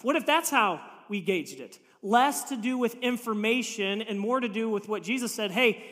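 Male pastor, sermon, humorous storytelling, quoted voices, long hall reverb, bright tone. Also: high-pitched, expressive, normal speed, few pauses. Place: church sanctuary.

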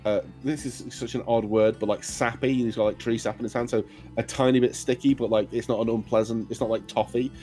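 A game master narrating a scene in an easy, rambling way, with plenty of "uh" and "like." His voice sits at a middle pitch. Quiet background music plays under him. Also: fairly even intonation, a little fast. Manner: loose, hesitant, full of fillers.

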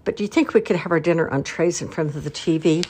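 An older woman voicing a weary, gallant father elephant in a storybook reading, mild and gentle. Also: low-pitched, fast, breathy edge.

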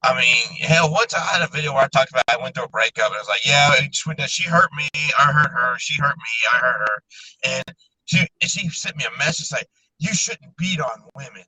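A man's voice: medium pitch, a little fast, bright, forceful tone, poor audio. A man guesting on a podcast, telling stories animatedly, acting out quotes and swearing. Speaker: guest content creator. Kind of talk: casual chat.

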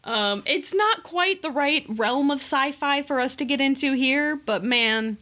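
A young adult woman co-hosting a casual movie review podcast, chatty and quick to laugh, swearing now and then. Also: high voice, sharp tone. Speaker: podcast co-host.

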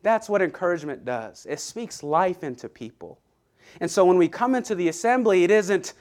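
A man preaching a Sunday sermon to his congregation, his voice a little higher than most men's. He talks in an earnest, conversational way, often restarting his sentences, and he slows down to read scripture with care. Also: animated, darkish tone. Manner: reads scripture aloud slowly and deliberately.

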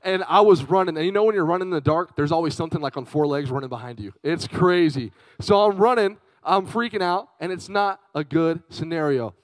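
A young man preaching to a youth group with a fairly high voice, swapping between storytelling and shout-outs to the crowd. His delivery is chatty and lively, and the sound is close and dry with little room echo. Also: fairly quick, few pauses. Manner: lively, chatty, calls out to the audience. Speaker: youth speaker. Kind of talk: youth sermon with personal storytelling.

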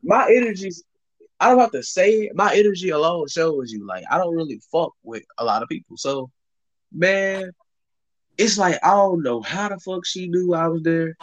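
A man's voice: sits high, expressive, moderate pace, highs cut off. A young man telling a rambling, profane story in casual chat on a call, heavy with fillers.

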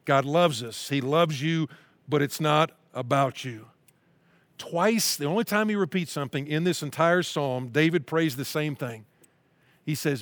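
A man preaching a sermon as a pastor, earnestly explaining scripture and slowing down to read verses aloud. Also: fairly high pitch, a bit bright, no echo. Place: church at-home broadcast.

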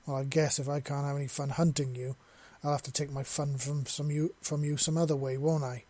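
A man's voice: on the high side, level tone, a little fast, dark tone, lightly acted. A man voicing a brutish, scarred alien male who taunts with a leer in a storybook reading. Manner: leering, taunting.

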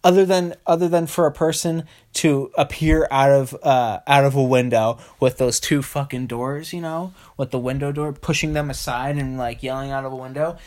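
A man's voice: mid-range voice, fairly even intonation, normal speed, hardly any pauses, a little mellow. Male podcast host, solo comedy rant, crude and rambling, laughs a lot.

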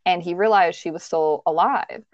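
A woman with a fairly low voice recounts a true-crime case on a podcast, talking casually and circling back with restarts and fillers. The recording is dry and close, with a slightly dull, muffled tone. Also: normal speed, no echo. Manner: conversational, hesitant restarts and fillers. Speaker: podcast host.

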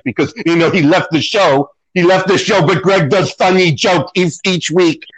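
A husky, high-voiced man co-hosts a casual podcast at normal speed, barely pausing, on a rough recording. He's sarcastic and self-deprecating and acts out quoted voices.

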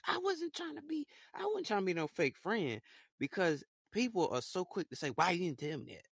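A man's voice: high voice, huge pitch swings, fairly quick, vocal fry, breathy edge, no echo, studio quality. Young man rambling through a heartfelt podcast. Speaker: podcast host. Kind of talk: casual solo podcast monologue.

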